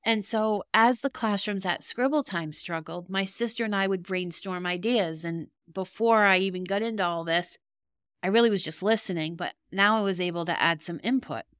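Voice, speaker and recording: A woman's voice: mid-range voice, normal speed, fairly bright tone, clear, resonant tone, no echo, clean studio sound. A middle-aged woman hosting a podcast, telling a personal story in a candid, emotional, rambling way. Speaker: podcast host.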